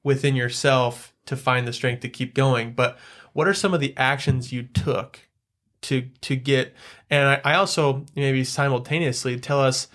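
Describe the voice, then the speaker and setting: A man's voice: medium pitch, fairly even intonation, fairly bright tone. Man hosting a podcast interview. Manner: halting, rephrases questions as he goes. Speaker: podcast host. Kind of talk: casual interview questions.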